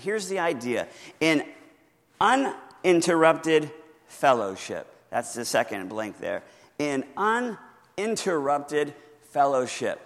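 A man preaching in a church sanctuary, his voice a touch higher than most men's. He teaches in an easy, conversational way, asks the congregation questions and leans hard on key words. Long reverb from the hall trails every phrase. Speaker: pastor. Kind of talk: sermon teaching from notes.

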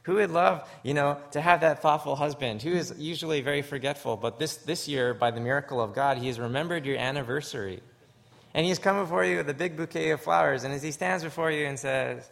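A man from Canada preaching a sermon, earnest and story-driven, swinging from hushed, low moments to loud, emphatic ones. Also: fairly quick, vocal fry. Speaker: pastor.

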